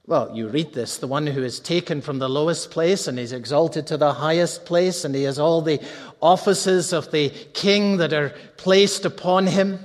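A man with a notably high voice preaches an earnest sermon, slowing down to repeat key phrases. His words ring out with a long reverb, as in a large church hall. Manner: earnest preaching, rising to fervent appeals, repeating phrases slowly. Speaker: pastor.

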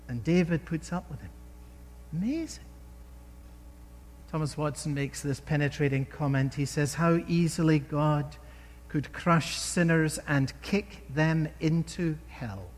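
Male preacher, high and lively pitch, emphatic sermon delivery, reverberant hall sound. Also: measured pace. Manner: animated, emphatic storytelling with rhetorical questions.

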